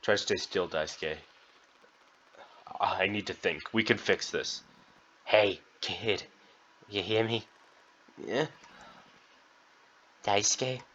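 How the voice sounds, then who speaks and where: A wounded ship captain speaks low and steady, trying to soothe, as a man reads him out. The sound is dull and lo-fi. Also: slow pace, long pauses, a little hiss or hum. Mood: urgent.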